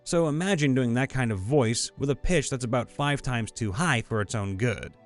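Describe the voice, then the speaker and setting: A man narrating viewer stories in a scripted voice-over, reading lively and sometimes slipping into put-on voices. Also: medium pitch, moderate pace. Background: faint background music.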